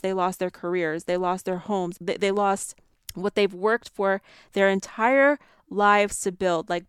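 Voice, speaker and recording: A woman's voice: mid-range voice, smooth, no echo, studio quality. Angry ranting woman podcaster. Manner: angry ranting, swearing, many fillers. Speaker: podcast host. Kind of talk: solo podcast monologue. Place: New York.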